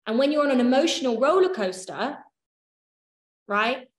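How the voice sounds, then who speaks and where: A woman's voice: high voice, lively intonation, moderate pace. A woman leading a workshop, teaching in a casual, chatty way, swearing offhand and checking that her listeners follow. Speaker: workshop leader. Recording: echoey room.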